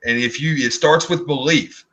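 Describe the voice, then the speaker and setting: A man co-hosting an online video hangout, giving a blunt, earnest motivational sales pitch and often repeating words as he talks. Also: moderate pace, sharp tone, low-quality recording. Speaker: co-host of online business hangout.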